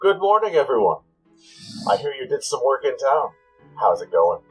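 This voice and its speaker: A man voicing a polite, mildly sardonic gentleman patron. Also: mid-range voice, very animated, normal speed, faint music behind, pitched above the performer's own voice, lightly acted, low-quality recording. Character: genteel male patron perched in a window.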